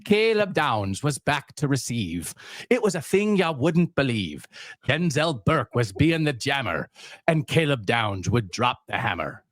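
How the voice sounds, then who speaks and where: A man's voice: mid-range voice, big pitch swings, a little slow, no room sound, clean studio sound. A man reciting a comic rhyme in a put-on Irish brogue, with a sing-song rhythm. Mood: playful.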